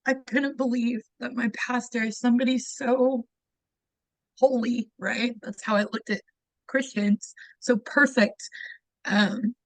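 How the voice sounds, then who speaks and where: A woman's voice: a little high, steady tone, takes it slowly, dry recording, poor audio. A woman in her thirties earnestly telling a personal testimony, often saying "like" and acting out the voices she quotes. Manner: earnest, acts out quoted voices, frequent "like" fillers. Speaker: guest sharing her testimony.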